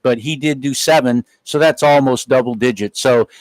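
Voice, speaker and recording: A man's voice: mid-range voice, moderate pace, no echo, poor audio. A middle-aged man doing play-by-play commentary for a football game, chatty and folksy. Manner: chatty, folksy wrap-up with asides. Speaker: play-by-play announcer. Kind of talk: sports commentary.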